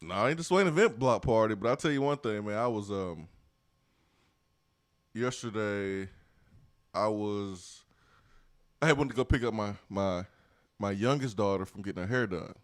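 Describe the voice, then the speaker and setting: A playful man co-hosting sports talk radio, voice sitting fairly low. He loops catchphrases and laughs easily, and the studio sound is dry and close. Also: normal speed, long pauses, dry recording. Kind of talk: casual sports talk chat.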